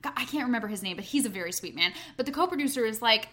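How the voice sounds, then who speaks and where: A young woman tells a story in casual chat, her voice bright and crisp. She acts out the other people's lines with lively swings and swears freely. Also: a little high, racing.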